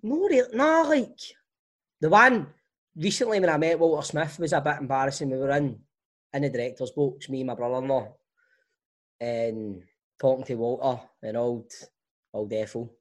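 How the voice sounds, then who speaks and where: A man's voice: medium pitch, moderate pace. A Scottish man chatting casually and chipping in jokes and stories. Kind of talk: casual chat.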